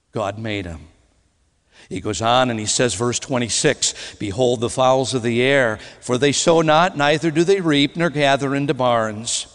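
Guy preaching slow n dramatic, loud then hushed, big echoey church hall. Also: mid-range voice. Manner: dramatic, swinging between loud emphasis and hushed tones. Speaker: guest preacher. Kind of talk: sermon. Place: church sanctuary. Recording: long hall reverb.

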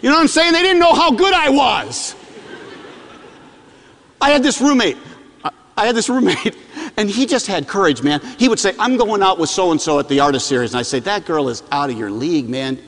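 A middle-aged man preaching a sermon, telling stories with animated delivery and repeating lines for emphasis. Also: high-pitched, fairly quick. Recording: long hall reverb.

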